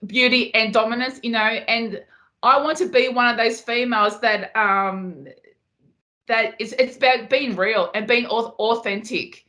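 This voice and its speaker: A woman's voice: a little high, measured pace, sharp tone. A woman guest on a podcast interview, talking passionately and often repeating words as she makes her point. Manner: passionate, repeats herself when emphasizing. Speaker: podcast guest, Muay Thai fighter. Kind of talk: casual interview.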